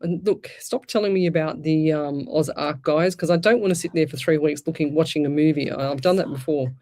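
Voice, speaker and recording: A woman's voice: low-pitched, a little fast, mellow. Chatty Australian woman host with a sore throat. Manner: chatty, rambling, stumbles and restarts. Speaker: psychic medium radio host. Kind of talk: casual live radio chat and readings.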